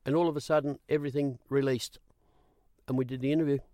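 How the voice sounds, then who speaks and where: Brief: older Australian male guest, lively yarn-spinner who acts out quoted dialogue, dry close recording. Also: mid-range voice, fast talker, no echo. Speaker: guest, former racing reporter. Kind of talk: storytelling interview.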